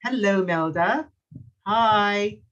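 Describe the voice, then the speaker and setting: The recording is muffled, coming from a computer mic on a video call, where a man with a high-pitched, fairly bright voice teaches a playful online English class. He has a British accent over a Thai first language, and he chuckles often while slowly repeating his questions.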